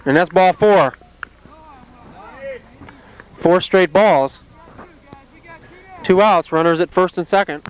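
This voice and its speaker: A man calling play-by-play at an amateur softball game outdoors, in a calm, steady, plainly descriptive way. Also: sits high, takes it slowly, pauses often, clean tone, rough recording. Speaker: play-by-play announcer.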